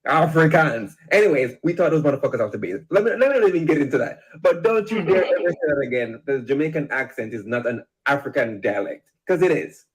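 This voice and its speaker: A man's voice: a little high, expressive, fast talker, few pauses, rough recording. A man giving an emphatic, lecturing monologue in a played video clip.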